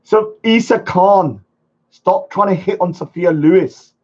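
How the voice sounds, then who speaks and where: A man hosting a live stream, chatting casually and rambling, sometimes shouting at viewers. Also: high-pitched, a little slow. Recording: dull lo-fi stream audio.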